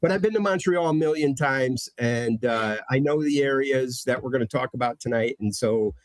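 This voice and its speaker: A man's voice: mid-range voice, normal speed, dry recording. A man from Connecticut, chatting casually on a podcast and telling stories with lots of fillers and restarts. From Connecticut, USA. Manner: rambling, storytelling with many fillers. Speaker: guest presenter.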